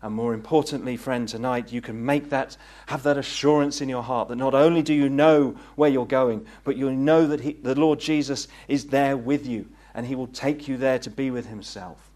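A man preaching a gospel sermon, earnest and pleading, rising to fervent peaks and then dropping low. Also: normal speed, hardly any pauses, a little mellow. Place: meeting hall.

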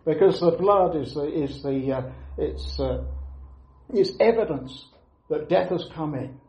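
A man preaching a sermon, earnest and emphatic, repeating key phrases with pauses between them. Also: fairly high pitch, a little mellow. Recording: echoey room, dull lo-fi sound.

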